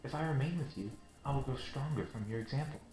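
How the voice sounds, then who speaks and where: Man voicing an earnest young female knight, soft-spoken, echoey room, game music behind. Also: mid-range voice, fast talker, lightly acted.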